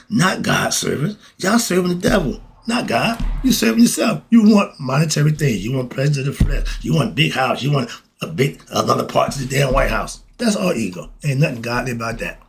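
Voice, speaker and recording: Gravelly preachy man with lively pitch. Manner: preachy, rhetorical questions, chuckling asides. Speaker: podcast host. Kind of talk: casual monologue.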